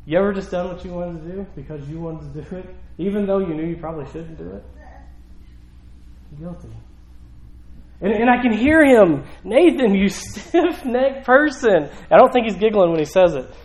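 A middle-aged male pastor giving a conversational sermon, swinging from hushed asides to raised, emphatic exclamations. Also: high-pitched, brisk, long pauses, echoey room, a little hiss or hum, rough recording.

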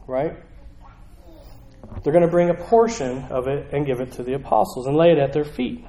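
A man with a Southern US accent preaching a sermon in a conversational, animated way. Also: on the high side, normal speed, pauses often, echoey room. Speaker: pastor.

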